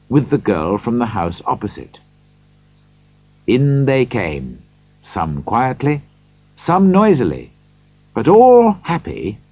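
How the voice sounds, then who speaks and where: A man narrating a storybook in a slow, highly expressive reading. His pitch swings widely and his voice is slightly husky. The recording is dry, dull and lo-fi. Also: dry recording.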